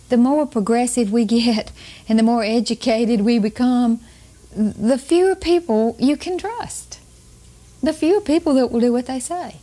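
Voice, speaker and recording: Older woman telling parenting stories. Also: a little high. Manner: warm storytelling, slow emphatic delivery with chuckles. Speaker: parenting teacher. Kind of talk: storytelling talk to an audience.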